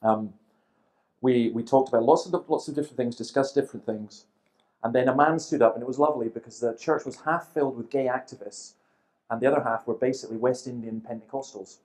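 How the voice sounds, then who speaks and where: A man in his fifties delivers a seminar talk in a lively storytelling manner. He slips into the voices of people in his anecdotes and keeps a dry, humorous edge throughout. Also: mid-range voice, brisk, poor audio. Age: 50s. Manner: lively storyteller who acts out quoted people, with dry humour. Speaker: seminar speaker.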